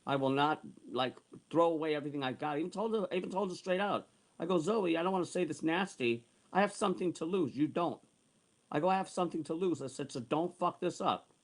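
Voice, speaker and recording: A man's voice: fairly high pitch, fast talker. Heated sixty-year-old man ranting. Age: 60s. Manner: heated, repetitive, profane ranting. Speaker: online streamer. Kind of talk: angry ranting monologue.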